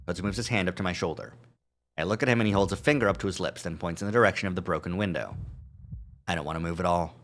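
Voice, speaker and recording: A man streaming live reads through a visual novel's narration, tossing in jokes and chuckling as he goes. He speaks rapid-fire in a low, slightly bright voice.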